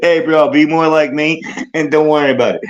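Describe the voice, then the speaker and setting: Guy cracking jokes, laughing, kinda high voice, lo-fi. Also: steady tone, fairly quick. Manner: joking, laughs often. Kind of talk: casual chat. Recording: muffled lo-fi audio.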